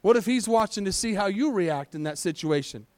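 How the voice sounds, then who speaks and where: High-voiced preacher asking rhetorical questions. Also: male voice, animated, fairly quick, a little mellow, dry recording. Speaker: pastor. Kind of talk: sermon. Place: church sanctuary.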